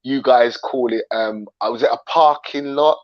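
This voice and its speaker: A man from England chatting casually as the host, telling animated stories and laughing often. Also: medium pitch, moderate pace. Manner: animated storyteller, mimics voices, laughs often. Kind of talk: casual chat on a livestream. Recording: dull lo-fi stream audio with faint music.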